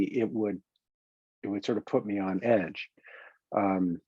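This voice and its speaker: A man with a New York accent, a coach talking through self-help exercises in a calm, reflective way with many pauses and restarts. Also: lowish voice, dry recording, muffled recording. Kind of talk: self-help teaching talk.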